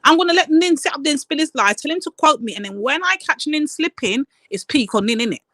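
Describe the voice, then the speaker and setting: A woman's voice: sits high, expressive, quick pace, fairly bright tone, no echo. A woman hosting a live stream panel, telling a story in a blunt, swearing rant.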